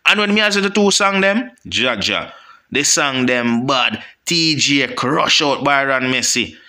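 A man's voice: mid-range voice, lively intonation, a little slow, sharp tone. A man with a Jamaican accent giving rambling casual commentary to his viewers, often checking in with them. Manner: rambling, keeps asking "you see me". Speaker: music commentary vlogger.

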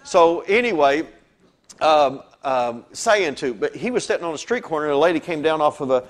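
A male pastor preaching a lively sermon, telling stories and swinging between soft asides and loud exclamations. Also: a little high, moderate pace.

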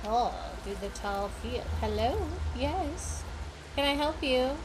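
A woman's voice: a little high, animated, unhurried, music in the background, rough recording. A woman giving playful, goofy let's-play commentary, full of silly made-up words and sound effects. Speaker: gaming video creator.

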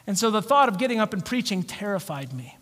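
Man preaching, high voice, animated storytelling, long church reverb. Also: fast. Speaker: pastor. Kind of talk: sermon. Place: church sanctuary.

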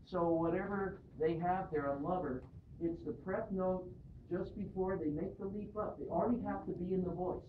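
Hoarse-sounding distant man coaching singers. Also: sits high, moderate pace. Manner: animated, encouraging, demonstrates vocal exercises. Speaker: singing judge. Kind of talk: coaching a barbershop chorus. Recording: echoey room picked up from afar on a lo-fi, noisy device.

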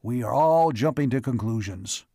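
A man's voice: mid-range voice, expressive, normal speed, mellow, breathy edge, no echo, clean studio sound. A man reading as a cautious scientist.

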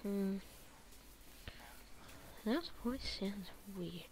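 A woman's voice: medium pitch, expressive, takes it slowly, vocal fry, darkish tone, a little hiss or hum. A woman giving casual gameplay commentary, muttering to herself with frustrated exclamations. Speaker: gamer.

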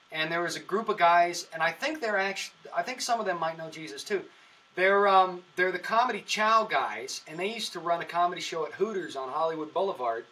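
A man's voice: high-pitched, pushed and bright, rough recording. A man, a comedian, chatting casually on a podcast and telling rambling stories full of fillers and restarts. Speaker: comedian guest.

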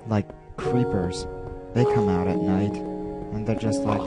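Male let's-player, slow and rambling, jokes to himself; loud music bed under him. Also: on the low side, steady tone. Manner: playful, rambling, talks to himself. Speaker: let's play gamer. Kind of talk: casual gameplay commentary. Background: loud game music.

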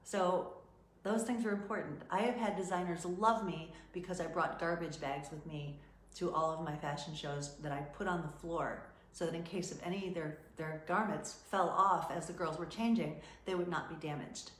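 A woman's voice: fairly low pitch, normal speed, reverberant. A middle-aged woman, a modeling agent, teaching in a chatty way and acting out what clients said. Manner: chatty, animated, acts out quotes from clients. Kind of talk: casual teaching talk.

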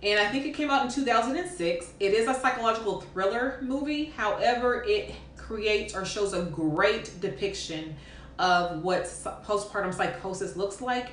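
Nurse lady explaining stuff to camera, lowish voice, lots of ums, kinda echoey room. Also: slight background noise. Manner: frank and conversational, many ums and restarts. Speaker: postpartum nurse educator. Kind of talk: casual spoken teaching to camera.

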